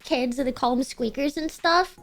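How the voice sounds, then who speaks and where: A woman's voice: high-pitched, normal speed, a bit bright, faint music behind. A young adult woman streamer chatting casually and giggling often. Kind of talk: casual chat.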